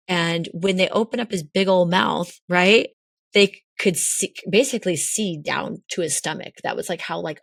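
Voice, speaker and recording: A woman co-hosting a podcast, telling a story in a casual, animated way with lots of fillers. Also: lowish voice, gravelly, dry recording, clean studio sound. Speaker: podcast co-host.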